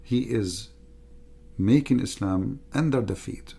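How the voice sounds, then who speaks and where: A man's voice: lowish voice, slow, creaky, dark tone, breathy edge. A middle-aged man giving an emphatic, repetitive livestream monologue as a religious debater, in non-native grammar.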